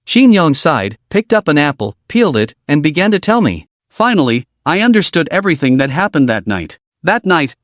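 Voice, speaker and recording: A man narrating a comic story recap in a lively scripted storytelling delivery. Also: a little high, no echo, clean studio sound.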